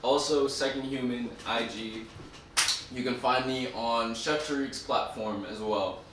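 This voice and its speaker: A man's voice: medium pitch, fairly even intonation, measured pace. A man co-hosting a podcast, laid-back and slangy, telling a story about a friend. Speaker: podcast co-host. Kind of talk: casual chat. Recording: very echoey room, distant mic, noise.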